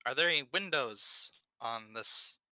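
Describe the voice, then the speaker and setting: A man's voice: mid-range voice, expressive, a little slow, bright, forceful tone, dry recording. A man playing a tabletop game, talking casually and wryly about his character's suspicions. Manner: wry, suspicious. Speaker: player.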